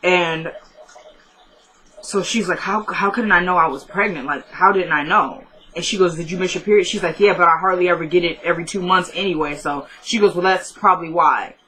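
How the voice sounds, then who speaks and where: A woman's voice: fairly low pitch, brisk, a bit bright, low-quality recording. A woman casually recapping a TV episode, retelling each scene as quoted back-and-forth dialogue with loose fillers. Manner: loose, filler-heavy storytelling. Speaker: show recapper.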